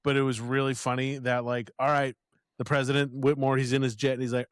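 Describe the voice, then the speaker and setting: A man's voice: mid-range voice, level tone, a little fast, clean tone, no echo, studio quality. A man co-hosting a podcast, joking and laughing through a casual chat about a film, with some swearing. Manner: jokey, laughs often, swears. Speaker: podcast co-host.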